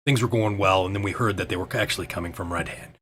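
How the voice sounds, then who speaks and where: A man's voice: deep voice, fast, natural voice. A man voicing a blunt, wary ranger who has changed his ways, talking pushily and defensively. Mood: earnest.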